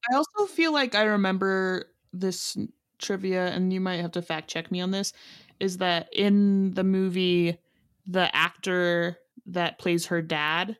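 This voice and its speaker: A woman's voice: fairly low pitch, measured pace, clean tone. A woman co-hosting a casual podcast, rambling through half-remembered trivia with self-deprecating asides. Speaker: podcast co-host. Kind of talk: casual chat.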